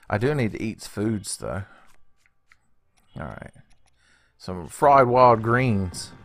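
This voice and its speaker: A man hosting a gaming channel, rambling through a let's play with constant jokes, frequent laughter and casual swearing. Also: on the low side.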